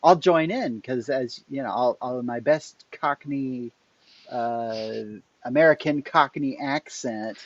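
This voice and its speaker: A man's voice: medium pitch, a little slow, hardly any pauses, dry recording, lo-fi sound. A man playing a tabletop game, with dry, wry banter. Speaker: player.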